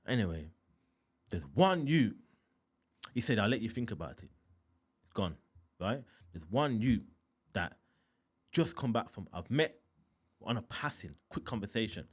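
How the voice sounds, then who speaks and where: A man's voice: fairly low pitch, a little slow, pauses often, breathy edge. A man from Birmingham with a Birmingham accent, an interview guest telling a story in casual, slangy talk and acting out the scenes. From Birmingham, England. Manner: animated, slangy, acts out scenes.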